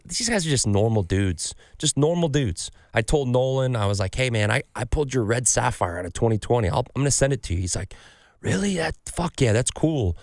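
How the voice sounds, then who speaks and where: A man's voice: lowish voice, no room sound, clean studio sound. A man hosting a podcast, chatting casually about sports cards and telling stories with acted-out quotes and plenty of swearing. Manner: animated storyteller, swears freely, acts out quotes. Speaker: podcast host. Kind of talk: casual sports card chat.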